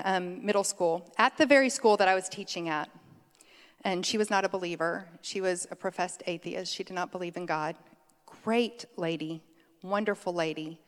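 A middle-aged woman giving a conversational sermon, chatty and quick to laugh, drifting off on tangents. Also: lowish voice. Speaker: preacher. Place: church sanctuary. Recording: long hall reverb.

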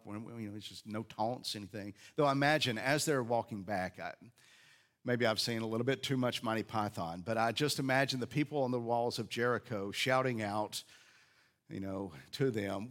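A man's voice: mid-range voice, moderate pace, fairly bright tone. A man preaching a sermon, retelling a story in a conversational way with frequent hesitations and restarts. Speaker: pastor.

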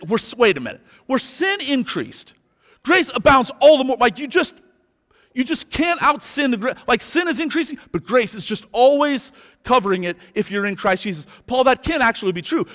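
A man preaching a sermon as pastor, emphatic and slowing down to stress his points. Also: very high-pitched, fairly bright tone. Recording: long hall reverb.

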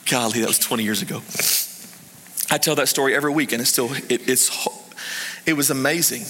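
A man preaching a sermon, telling a story in an animated way that swings between hushed and excited. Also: medium pitch, fairly quick, slight background noise. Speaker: pastor. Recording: reverberant hall.

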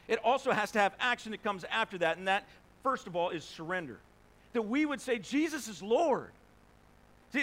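Preaching conversationally, a man with a notably high, fairly bright voice delivers a sermon as a pastor. He poses rhetorical questions to the congregation and briefly plays out the characters in his stories.

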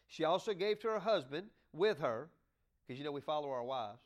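A man preaching a folksy, humorous sermon with sudden loud bursts. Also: a little high, lively intonation, normal speed. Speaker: pastor.

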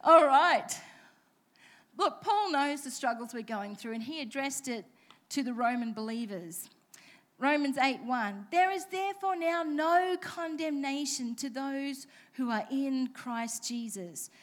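A woman's voice: sits high, unhurried. A woman preaching a sermon in church, telling stories with playful self-deprecating asides. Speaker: pastor.

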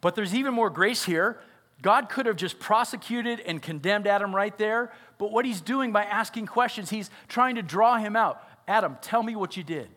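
A man's voice: high-pitched, normal speed, sharp tone. A father and pastor preaching a sermon, earnest and often asking his listeners questions. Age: adult father. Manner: earnest, asks the audience questions.

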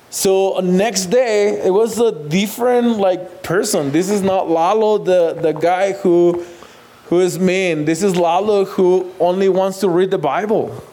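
Man, somewhat high voice, halting heartfelt testimony. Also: mellow. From Mexico. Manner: halting, repeats words, non-native phrasing. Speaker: guest sharing testimony. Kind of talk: personal testimony.

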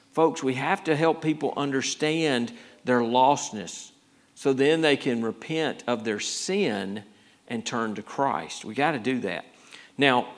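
A male pastor with a medium-pitched, slightly bright voice preaches a conversational sermon. He rambles through restarts and rises to urgent emphasis.

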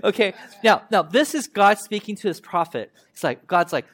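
Animated man preaching a casual sermon. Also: high voice, moderate pace, few pauses. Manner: conversational, animated, acts out voices of God and prophet. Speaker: pastor.

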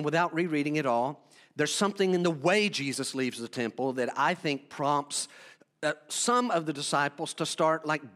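A man's voice: a little high, a bit bright. A man preaching a teaching sermon, walking through scripture and putting questions to his congregation. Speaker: pastor.

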